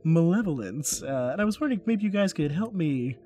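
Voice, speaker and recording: A man voicing a chatty, flattering male wizard author who rambles with lots of fillers. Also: a little high, fast, natural voice. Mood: fawning. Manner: gushing, rambling, full of fillers.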